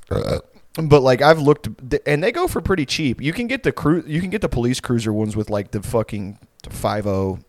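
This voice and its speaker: A man's voice: lowish voice, no echo, studio quality. A man in his twenties co-hosting a podcast, telling long profane stories in a rambling, casual way with lots of fillers. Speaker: podcast co-host. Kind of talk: casual chat.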